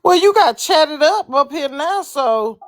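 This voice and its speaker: Woman guest, slow and earnest, swooping low voice, dry. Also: expressive, no echo. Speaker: guest in a live audio chat room. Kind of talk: casual live-stream chat.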